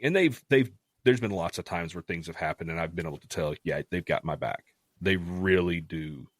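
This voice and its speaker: Low-voiced man telling a heartfelt story. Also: brisk, dry recording. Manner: earnest, heartfelt, restarts often. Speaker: podcast guest. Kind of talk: casual storytelling.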